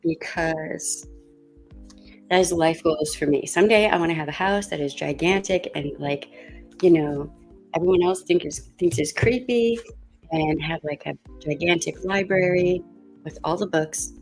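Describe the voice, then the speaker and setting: Slow, low-voiced woman getting over a cold. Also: darkish tone, faint music behind. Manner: chatty, thinking aloud, with fillers. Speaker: beauty vlogger. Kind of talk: casual makeup chat.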